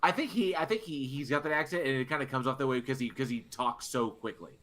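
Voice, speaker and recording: A man's voice: medium pitch, fast talker, a bit bright. A man co-hosting a casual livestream chat, hesitant and prone to repeating words. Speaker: co-host.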